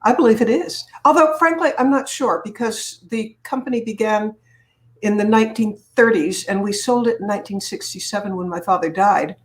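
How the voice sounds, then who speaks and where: A woman's voice: medium pitch, moderate pace. A woman from Massachusetts, an author and speaker, guesting on an interview and telling stories conversationally. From Massachusetts, USA. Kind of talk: conversational storytelling.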